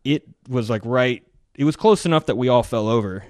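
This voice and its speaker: A man's voice: mid-range voice, a little fast, no echo. Man telling war stories, dry close mic. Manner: animated war-story telling, loose and conversational. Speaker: podcast guest or host, military veteran. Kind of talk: casual storytelling conversation.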